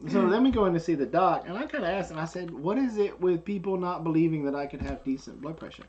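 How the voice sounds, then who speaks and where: A man's voice: a little high, fast, dull audio, a little hiss or hum. A man telling a story in casual chat, acting out the people he quotes. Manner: animated, acts out the people he quotes. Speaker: co-host.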